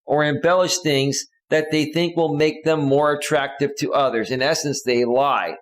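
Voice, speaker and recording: A man's voice: a little high, fairly even intonation, moderate pace. A male relationship coach giving casual advice in an earnest, lecturing way.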